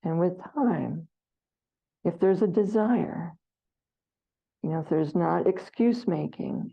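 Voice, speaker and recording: A woman leading a meditation class, speaking gently and reflectively and acting out the inner voices of her students. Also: lowish voice, slow, creaky, long pauses, husky. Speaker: meditation teacher. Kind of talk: dharma class talk. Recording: dull lo-fi recording.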